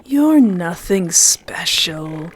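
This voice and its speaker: A woman voicing a mocking, manipulative male angelic being who talks in a slow, smug, taunting way. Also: lowish voice, big pitch swings, slightly rough, full character voice, rough recording.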